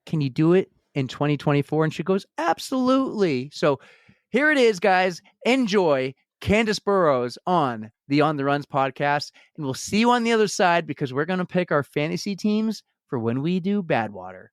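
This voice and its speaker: A man's voice: moderate pace, no room sound. Upbeat man co-hosting a podcast, dry sound. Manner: animated storyteller, mimics others in high voices. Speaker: podcast co-host. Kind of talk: casual chat.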